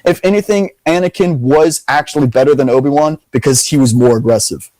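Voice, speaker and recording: Animated young man debating. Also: fairly high pitch, fairly quick, low-quality recording. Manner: animated, emphatic, repeats "literally". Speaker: video host. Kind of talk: casual debate.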